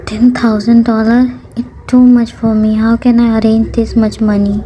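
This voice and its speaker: A woman's voice: fairly high pitch, little pitch movement, normal speed, dark tone, faint music behind, natural voice, rough recording. A woman voicing a desperate young mother who pleads and begs through tears in a storybook reading. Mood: panicked. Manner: tearful, pleading.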